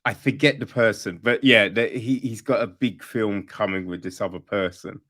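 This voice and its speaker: A man hosting a podcast, talking casually about films in a halting way with many restarts. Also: lowish voice, steady tone, fairly bright tone. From Britain. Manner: halting, restarts, laughs easily. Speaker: podcast host.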